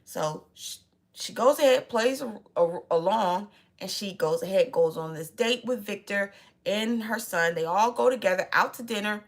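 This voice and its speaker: A woman's voice: medium pitch, moderate pace. A woman recapping a movie plot in a chatty, casual way, acting out the characters' lines as she goes. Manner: chatty, retells scenes with quoted lines. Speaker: movie reviewer.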